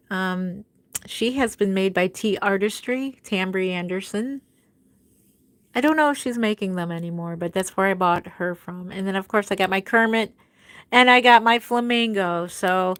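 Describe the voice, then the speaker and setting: Streaming live from home, a middle-aged reborn doll artist chats casually with her viewers and responds to their comments one at a time. Chatty by nature, she lets her voice trail off soft and low as each thought ends.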